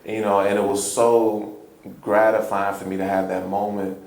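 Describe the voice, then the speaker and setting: A man from Chicago, a hip-hop poet, telling a personal story in an interview, earnest and halting, often repeating words and breaking into laughter. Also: lowish voice, flat delivery, darkish tone. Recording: roomy echo, faint ambience.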